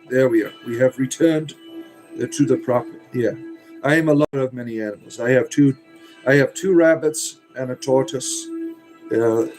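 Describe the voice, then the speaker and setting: A man's voice: mid-range voice, low-quality recording. Rambling man chatting on a livestream. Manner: rambling, with frequent fillers and restarts. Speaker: livestream host. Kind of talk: casual livestream chat, answering comments.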